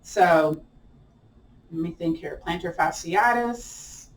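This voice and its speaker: A woman's voice: lowish voice, takes it slowly. A woman yoga instructor with an American twang guiding a chair yoga class, chatty and playful, laughing at her own jokes. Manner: chatty and playful, laughs often, self-teasing. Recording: echoey room, distant mic, faint hiss.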